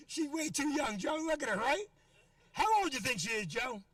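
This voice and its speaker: A middle-aged man working a comedy club crowd, brash and profane and never letting up on the teasing. His voice sits high for a man. The sound is dry, with the mic set back from him. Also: expressive, moderate pace, fairly bright tone, no room sound, far from the mic. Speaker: stand-up comedian. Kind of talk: stand-up set with crowd work.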